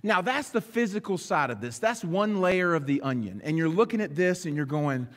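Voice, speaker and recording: A man preaching a sermon as pastor, animated, acting out short snatches of dialogue as he goes. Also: a little high, normal speed, few pauses. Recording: long reverb of a large hall.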